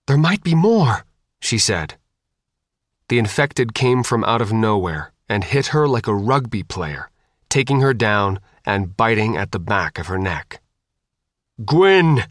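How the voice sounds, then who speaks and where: A man's voice: on the low side, a bit bright, no room sound. Man narrating an audiobook in a dry studio.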